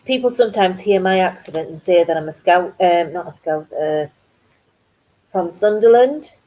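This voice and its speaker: A middle-aged woman from County Durham with a North East English accent, telling stories in a chatty vlog and acting out quoted voices with big pitch jumps. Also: lively intonation, normal speed, warm tone, low-quality recording. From County Durham, England. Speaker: crafting vlogger. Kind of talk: casual storytelling chat.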